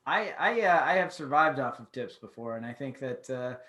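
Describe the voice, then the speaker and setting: Bright-voiced man in an echoey room. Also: medium pitch, animated. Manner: chatty, quick to agree and joke. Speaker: podcast co-host. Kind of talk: casual chat.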